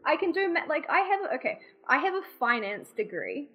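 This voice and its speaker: A woman's voice: sits high, very animated, brisk, lo-fi sound. A woman with a New Zealand accent, a guest chatting casually on a podcast, self-deprecating and full of "like" fillers. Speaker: guest streamer.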